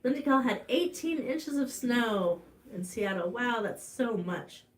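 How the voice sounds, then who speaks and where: Unhurried and with lively intonation, a woman with an Ozark American accent hosts a farm channel's live stream. She shares a personal story chattily, stumbling through fillers and restarts, and her voice climbs high when it turns emotional.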